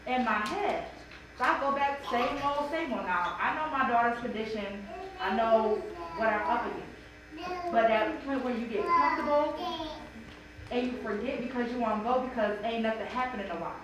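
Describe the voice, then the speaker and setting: A mother sharing a personal story at a church bible study, animated and emotional, acting out what people said. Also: a little high, normal speed. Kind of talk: personal testimony in a group discussion. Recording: echoey room from far off, noisy.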